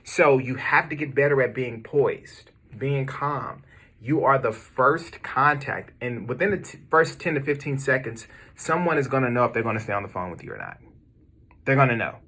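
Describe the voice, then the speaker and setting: Bright-voiced American man coaching staff. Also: medium pitch, normal speed, slightly rough. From United States. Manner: emphatic, repetitive, direct pep-talk delivery. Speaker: business owner coaching cold callers. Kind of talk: motivational training talk. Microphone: camera video, speaking to viewers.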